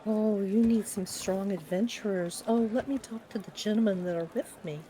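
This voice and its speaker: A woman speaks in character during a tabletop role-playing game, polite and earnest. Her voice is mellow and warm. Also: medium pitch, moderate pace. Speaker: player.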